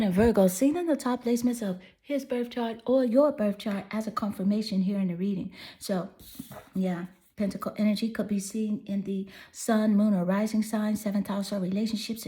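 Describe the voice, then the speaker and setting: A woman's voice: mid-range voice, dark tone. A woman giving a pick-a-card tarot reading to her viewers, talking in a soothing, affirming and chatty way. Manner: soothing, affirming, chatty with "you know" fillers. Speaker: tarot reader.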